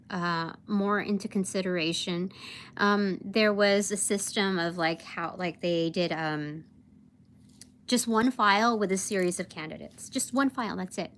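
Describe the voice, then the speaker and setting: A woman's voice: medium pitch, fairly bright tone. A young woman telling a work story on a casual livestream, rambling with many fillers and acting out her boss's lines. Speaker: vlogger.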